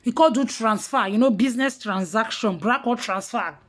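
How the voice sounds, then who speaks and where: Animated Nigerian Pidgin woman storyteller. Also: fairly high pitch, moderate pace. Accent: Nigerian Pidgin English. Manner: animated, mocking, drops to hushed asides. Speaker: gossip commentator. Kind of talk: casual storytelling commentary.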